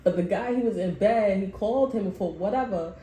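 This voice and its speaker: A woman's voice: medium pitch, fairly quick, mellow. A woman giving a reading in casual chat, telling a story in loose, profane slang and laughing often. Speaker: tarot reader. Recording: echoey room, faint noise.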